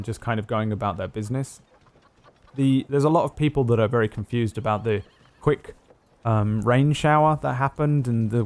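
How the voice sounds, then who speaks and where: A low-voiced man running a tabletop game as game master. He narrates loosely, rambling along with lots of ums and restarts. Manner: loose, rambling, many fillers.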